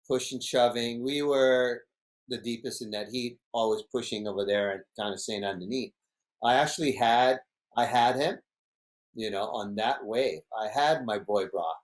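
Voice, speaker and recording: A man, a podcast guest telling a story in a casual, animated way, laughing often and acting out what others said. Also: mid-range voice, normal speed. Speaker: podcast guest, big wave surfer.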